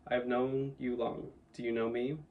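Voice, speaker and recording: A man voicing a wise, commanding male lion who speaks in a solemn, measured way, with some distance from the mic. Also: medium pitch, flat delivery, phone-quality sound, lightly acted.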